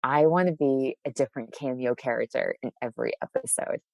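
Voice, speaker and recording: A woman from Massachusetts with a faint local accent, chatting as the guest in an interview, bubbly and quick to laugh, with many restarts. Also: very deep voice, vocal fry, darkish tone, no room sound. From Massachusetts, USA. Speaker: author guest. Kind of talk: casual interview chat.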